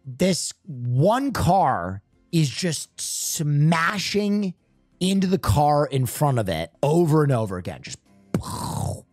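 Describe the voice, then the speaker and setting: Animated man telling a wild story. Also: a little high, takes it slowly, husky, no room sound, clean studio sound, soft background music. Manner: animated and profane, acts out sounds. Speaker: streamer. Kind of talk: casual storytelling.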